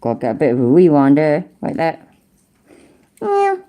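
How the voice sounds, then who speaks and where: A woman's voice: sits low, huge pitch swings, moderate pace, dark tone. A woman with an English Midlands accent, doing rambling, sarcastic, sweary livestream commentary. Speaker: streamer.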